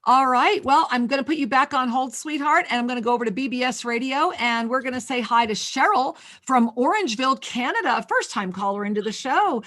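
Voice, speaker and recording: A woman's voice: high-pitched, animated, brisk, few pauses. Gushing spiritual radio host, a woman. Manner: effusive, calls callers sweetheart and angel; intuitive reading in a soft flowing tone. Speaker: radio talk show host. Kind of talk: spiritual talk radio with callers.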